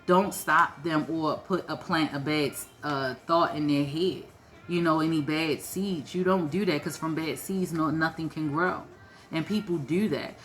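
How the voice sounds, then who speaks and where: A woman vlogger giving a heartfelt motivational talk to her viewers, earnest and conversational, full of "you know" fillers. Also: deep voice.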